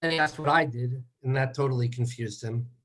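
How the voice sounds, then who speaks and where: A man giving measured remarks as a son at a memorial, moving through slow, deliberate lists. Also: mid-range voice, fairly bright tone. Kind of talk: eulogy remarks.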